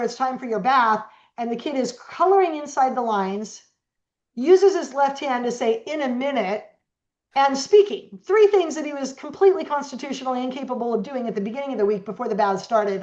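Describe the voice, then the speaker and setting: A middle-aged woman guest telling stories in an interview, animated and acting out the voices of the people she quotes. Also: fairly high pitch, fairly quick. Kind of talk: storytelling interview talk. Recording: echoey, dull lo-fi sound.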